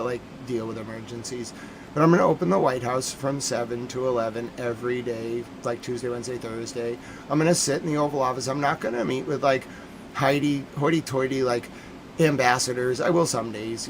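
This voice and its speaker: A man rambles through a loose, joking stream monologue in a mid-range voice. He gets carried away and laughs at his own ideas. A faint hiss sits under the recording. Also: mid-range voice. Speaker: host of a nightly news recap stream. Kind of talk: casual rambling livestream monologue.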